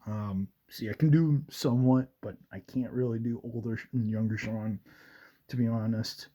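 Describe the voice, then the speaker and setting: Mellow-voiced man rambling on a radio show. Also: lowish voice, little pitch movement, normal speed. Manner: rambling, with many fillers and quoted movie lines. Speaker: host. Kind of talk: casual radio show talk.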